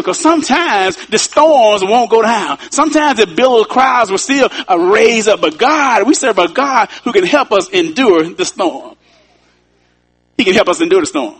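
A man's voice: high voice, animated, moderate pace, fairly bright tone, husky. A man preaching a sermon as pastor, building emphasis and calling out to his congregation. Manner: preaching with rising emphasis and call-outs to the congregation.

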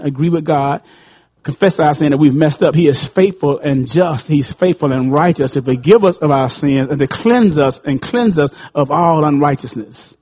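A pastor in his fifties preaching a sermon, swinging between loud, high calls and low, quiet asides. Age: 50s.

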